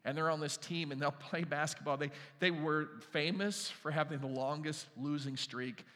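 A man preaching a sermon in a conversational storytelling way, dropping quiet for emphasis. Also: on the high side, fairly even intonation, moderate pace, in a large hall. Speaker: pastor.

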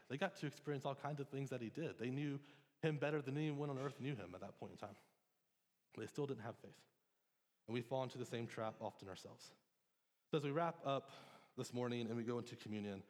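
A man's voice: medium pitch, expressive, fast, darkish tone. A man in his thirties, a pastor giving a conversational, earnest sermon in church. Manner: conversational, earnest, with frequent restarts and ums. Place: church sanctuary. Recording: long reverb of a church hall.

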